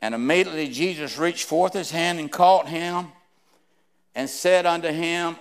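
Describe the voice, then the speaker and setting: Preacher man, sermon, smooth voice, slightly high. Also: normal speed. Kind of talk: sermon with scripture reading.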